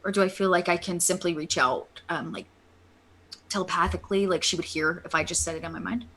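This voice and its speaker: A woman player at a tabletop roleplaying session, talking casually and pausing to think with lots of ums. Her voice is bright, with a slightly sharp edge. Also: on the low side, steady tone, a little hiss or hum. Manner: chatty, hesitant, with many fillers. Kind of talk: casual tabletop game chat.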